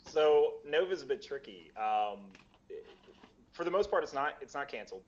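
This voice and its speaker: A man's voice: fairly high pitch, animated, normal speed. Muffled American man rambling on a call. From United States. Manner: rambling, many fillers and restarts. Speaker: convention organizer, guest. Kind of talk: casual chat. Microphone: video call.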